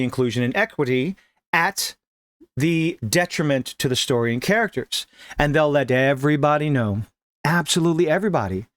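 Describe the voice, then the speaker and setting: A man giving sarcastic, emphatic gaming news commentary with dramatic pauses. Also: a little high, dry recording, studio quality. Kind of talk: opinionated online commentary.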